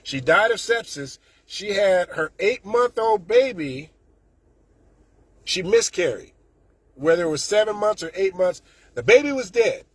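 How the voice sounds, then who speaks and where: Here a man with a high, animated, breathy-edged voice goes a little slow, recorded without echo. He plays the political commentator in a casual rant, sarcastic and indignant, frequently starting his sentences over.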